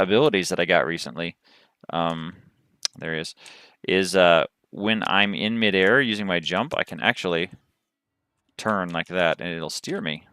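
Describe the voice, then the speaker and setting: A man from the southern United States chats and rambles through a livestream as he plays. His voice is on the low side but lively, with a bright, crisp tone. The sound is close and dry. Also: no echo. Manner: chatty, rambling, thinks aloud while playing. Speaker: game streamer. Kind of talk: gaming livestream commentary.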